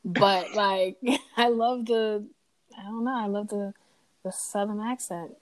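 A woman from Boston talks in a relaxed, animated way, laughing often and stretching words out when she stresses a point. Her voice sits at a middling pitch. The recording is dry and close, with no room sound. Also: slow, dry recording, low-quality recording. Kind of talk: casual chat.

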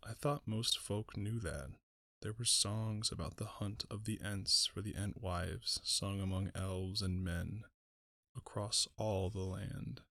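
A man voicing an ancient, sorrowful tree-giant in an audiobook, speaking slowly and deliberately in a musing way. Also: on the low side, steady tone, sharp tone, no echo, clean studio sound, heavily acted. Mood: mournful. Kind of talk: audiobook reading.

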